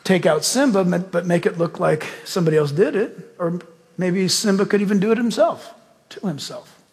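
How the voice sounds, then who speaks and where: A man's voice: high voice, moderate pace, a little mellow, in a large hall. A male pastor preaching a sermon, telling a story with emphatic rhetorical questions and ending in prayer.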